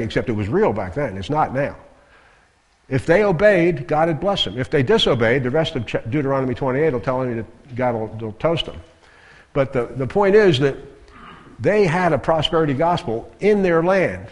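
A male guest preacher giving a sermon in a conversational, emphatic way, repeating key phrases. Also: a little high. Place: church sanctuary. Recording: long hall reverb.

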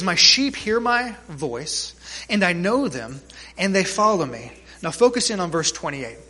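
A male pastor delivers a sermon in a high, bright, forceful voice. He preaches emphatically and keeps asking his congregation questions.

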